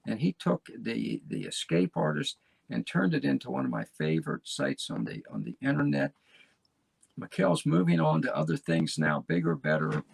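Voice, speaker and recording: A man's voice: medium pitch, creaky, husky, dry recording. A man from the United States hosting his podcast in a casual, rambling monologue, restarting phrases and chatting to his listeners. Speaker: podcast host.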